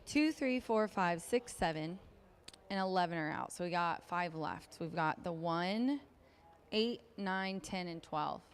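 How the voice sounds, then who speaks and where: A woman's voice: lowish voice, expressive, a little slow, a little hiss or hum. A woman working as a racetrack handicapper, giving a chatty, upbeat race preview with frequent ums.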